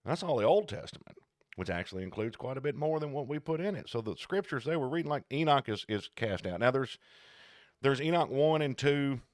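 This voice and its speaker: Animated man on a dry podcast mic. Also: medium pitch, brisk, no room sound. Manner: animated, digressive, jokey storytelling. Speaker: podcast co-host. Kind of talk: casual podcast chat.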